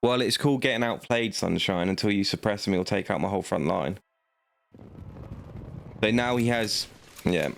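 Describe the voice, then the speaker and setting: Male streamer, late 20s, lowish voice, smug trash-talk, dry sound. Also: normal speed, gravelly, long pauses, dry recording. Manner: cocky, trash-talking the opponent. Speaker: card game streamer. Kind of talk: gameplay commentary.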